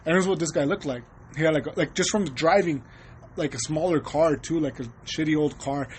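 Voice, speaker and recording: Profane, animated young man telling a story. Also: on the high side, fairly quick, slight background noise. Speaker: podcast co-host. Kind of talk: casual storytelling chat.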